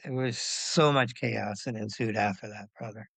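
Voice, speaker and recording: A man in his fifties telling his story as a podcast guest, animated, acting out quoted voices with big jumps in pitch and swearing freely. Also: moderate pace, gravelly, slightly rough, no room sound. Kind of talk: candid storytelling interview.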